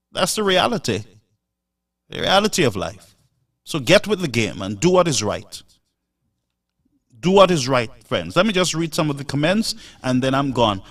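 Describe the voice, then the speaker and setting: A man's voice: a little high, fairly bright tone, recorded from a distance. A man hosting a live show, delivering an emphatic, preachy monologue full of rhetorical asides.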